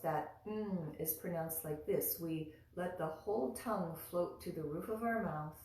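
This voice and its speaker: A woman teaching mantra pronunciation in a calm, patient manner, demonstrating each sound and chanting slowly. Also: low voice. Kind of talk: slow guided pronunciation lesson. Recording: roomy echo, from a distance.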